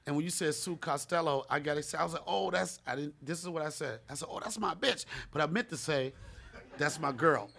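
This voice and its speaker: A man's voice: on the high side, steady tone, quick pace, vocal fry, few pauses, a bit bright, slight background noise. A man co-hosting a podcast, telling stories in slangy, profane, laughing talk. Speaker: comedian co-host. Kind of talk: casual podcast chat.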